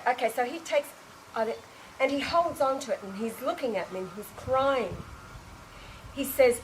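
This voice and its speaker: A woman with a slightly high voice tells a spiritual story in a loose, chatty way. She slips into other people's lines as she goes and breaks into laughter often. Faint noise sits under the recording. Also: normal speed, pauses often, rough recording. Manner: animated retelling, acts out dialogue, laughs often. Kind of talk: casual spoken testimony.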